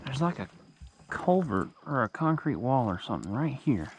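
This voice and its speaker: A man's voice: mid-range voice, moderate pace, background noise. A man narrating his kayak fishing trip on a lake in a casual vlog, sometimes out of breath. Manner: excited outbursts when catching fish. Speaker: fishing vlogger.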